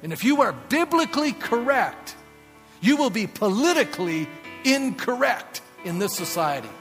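A man's voice: very high voice, very animated, normal speed, fairly bright tone, in a large hall, faint music behind. A man preaching a sermon as pastor, speaking emphatically and acting out quotes, recorded in a church sanctuary.

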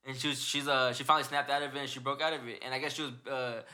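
A man's voice: medium pitch, level tone, rapid-fire, sharp tone. A young man hosting a podcast in casual chat, rambling and swearing as he retells stories. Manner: rambling, profane, retells stories with put-on quotes. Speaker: podcast host.

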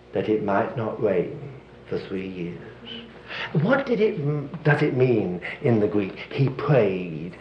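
An older male preacher giving a sermon, telling stories with dry humor. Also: mid-range voice. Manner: lively storytelling with dry humor and chuckles. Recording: roomy, dull, slightly noisy hall recording.

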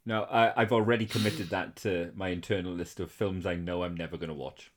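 Deep husky man with dry remarks. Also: fairly even intonation, a little fast. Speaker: podcast co-host. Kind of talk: casual chat.

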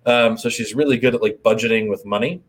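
A man in casual conversation, speaking thoughtfully and hesitantly, often pausing to search for words. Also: mid-range voice, slightly rough. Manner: hesitant, many fillers and restarts, thoughtful. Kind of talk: casual chat.

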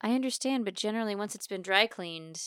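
A woman playing the host's dry, teasing wife, needling him in a deadpan way. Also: medium pitch, fast talker, clean tone, dry recording, natural voice. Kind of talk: improvised comedy podcast.

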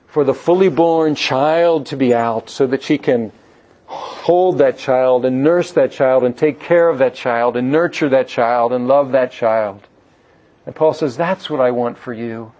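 A man's voice: medium pitch, a little slow, darkish tone. A man preaching and teaching on a Bible passage in an earnest way, asking his listeners questions and often repeating words as he restarts a phrase. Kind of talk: sermon-style Bible teaching. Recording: dull lo-fi recording.

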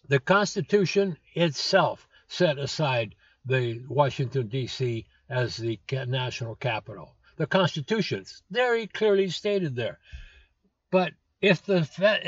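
A man's voice: a little high, fairly bright tone, husky, no echo. A man in his seventies hosting a political commentary show, blunt and scornful, with lots of "uh" fillers. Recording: dull lo-fi dry recording.

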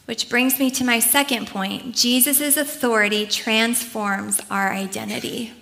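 A woman's voice: a little high, fairly even intonation, a little slow, vocal fry, bright, forceful tone, slight background noise. A woman preaching a sermon in an earnest, conversational way, often adding casual asides.

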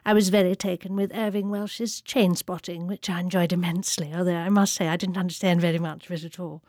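A woman's voice: on the low side, fairly even intonation, brisk, a little mellow, dry recording, studio quality, lightly acted. A woman playing an elderly, genteel romance novelist who talks in a prim, rambling, way. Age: older. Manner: prim, rambling, colonial-era posh. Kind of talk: comic interview sketch.

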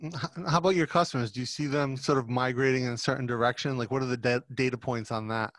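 A man's voice: medium pitch, steady tone, fast talker, fairly bright tone, dry recording. A man hosting a podcast, asking hesitant, roundabout interview questions. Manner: hesitant, circles his questions. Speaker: podcast host.

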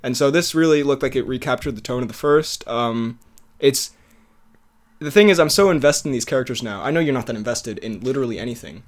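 This podcast co-host speaks a little fast in a mid-range voice, chatting casually and with real eagerness about movies. Frequent laughter fills his talk, and he tends to trail off and restart.

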